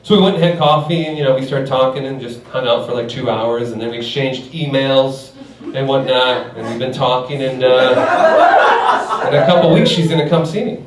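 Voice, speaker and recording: A man's voice: mid-range voice, fairly quick, crowd noise. A man performing a stand-up comedy set on a club stage, telling stories animatedly and chuckling through his punchlines. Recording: echoey club from a distance, loud noise.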